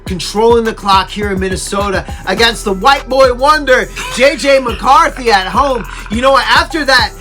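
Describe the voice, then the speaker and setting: Bright, stats-minded betting co-host. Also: mid-range voice, soft background music. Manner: measured, stats-driven. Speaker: co-host, sports analyst. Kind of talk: sports-betting analysis.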